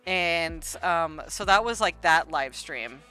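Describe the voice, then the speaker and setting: A woman's voice: lowish voice, expressive, slow pace, pushed and bright, clean tone, soft background music. A woman hosting an art livestream, casually retelling online drama in a rambling way full of "like" and "um". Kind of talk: casual gossip storytelling.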